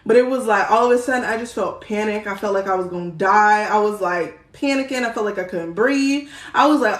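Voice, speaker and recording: A woman's voice: mid-range voice, fairly quick, few pauses, a little hiss or hum. A young woman, chatting casually on a live stream, slangy and swearing freely, laughing often. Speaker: spiritual livestream host. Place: indoor room, live stream. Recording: roomy echo.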